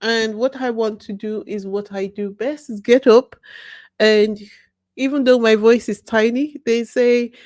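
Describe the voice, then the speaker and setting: A woman's voice: a little high, steady tone, a little slow, darkish tone, no room sound. A woman hosting her own channel, talking passionately and emphatically, asking herself pointed questions. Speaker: YouTube channel host. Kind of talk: casual vlog monologue.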